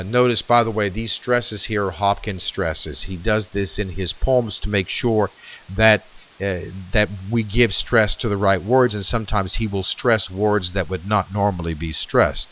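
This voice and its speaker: A man giving a recorded literature lecture in a reflective way, with many fillers, who slows down to read lines of verse aloud. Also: fairly low pitch, lo-fi sound.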